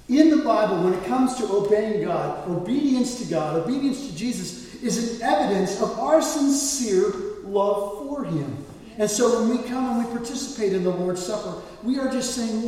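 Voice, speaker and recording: A man preaches a sermon to his congregation, his fairly high voice swinging between soft asides and forceful, emphatic lines. He sounds distant from the microphone, and a long reverb hangs on every word in the big hall. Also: moderate pace. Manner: earnest preaching, shifting from quiet asides to emphatic quotes. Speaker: pastor. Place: church sanctuary. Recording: echoey hall, voice from far off.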